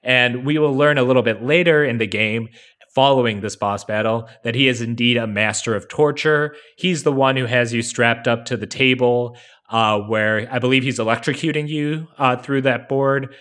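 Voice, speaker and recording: A man's voice: medium pitch, normal speed. A man co-hosting a podcast, talking casually and analytically with plenty of fillers. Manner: relaxed, explanatory, many fillers. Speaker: podcast co-host.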